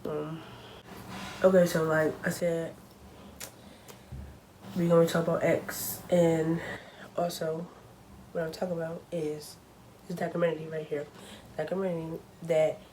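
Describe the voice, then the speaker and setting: A woman's voice: sits low, little pitch movement, normal speed, pauses often, warm tone, slight background noise, rough recording. A young woman talking casually to her camera at home, chatty and full of fillers, openly nervous. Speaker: vlogger.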